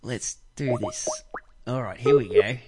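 An Australian man hosting a casual call-in show, telling crude, rambling anecdotes with loud outbursts. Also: medium pitch, measured pace, very noisy. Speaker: podcast host.

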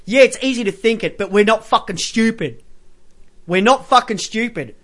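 A man's voice: high voice, normal speed, a bit bright. A man doing reaction commentary, swearing with contempt and cheering on the clips he plays. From Australia. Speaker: commentary streamer.

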